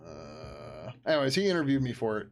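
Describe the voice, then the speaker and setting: A man's voice: on the low side, sing-song, a little fast. A man chatting casually on a live stream about his open source project, rambling loosely, laughing and swearing now and then, sounding tired.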